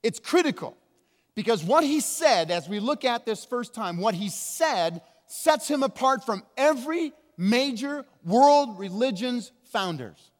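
A man preaching a sermon as pastor, emphatic, slowing down hard on key words, with big swings between loud and quiet. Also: extremely high pitch, expressive. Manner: emphatic, with slow drawn-out stresses and wide swings in loudness. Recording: long hall reverb.

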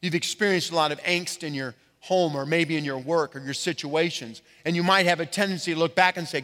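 A pastor giving a sermon to his congregation, leaning hard on key words and slowing down to stress them. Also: fairly high pitch, pushed and bright. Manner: emphatic preaching with slow stressed words. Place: church sanctuary. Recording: reverberant hall.

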